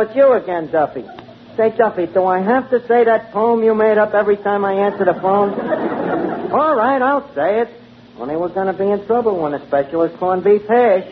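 A man's voice: high-pitched, moderate pace, crowd noise. A man, hesitant and full of "uh"s, talking in folksy broken grammar. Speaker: tavern manager in a radio comedy. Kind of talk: 1940s radio comedy acting. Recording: tinny lo-fi old radio broadcast with hiss.

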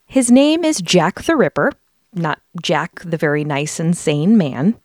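Woman podcast host from the US, lower voice, chatty explainer, dry studio sound. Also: big pitch swings, measured pace, a little mellow, dry recording. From United States. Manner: chatty, explains facts, frequent fillers. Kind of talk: casual podcast chat and research narration.

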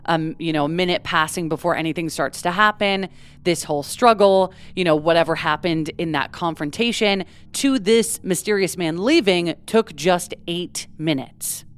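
Woman, podcast co-host, fairly low voice, smooth and clear, casual true crime storytelling, lots of fillers. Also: moderate pace. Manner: conversational, with many fillers like "like" and "kinda".

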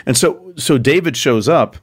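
A man's voice: mid-range voice, animated, moderate pace, slightly rough. A man co-hosting a podcast, explaining in a conversational way, with easy laughs and verses read aloud. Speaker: podcast co-host. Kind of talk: casual explanatory chat.

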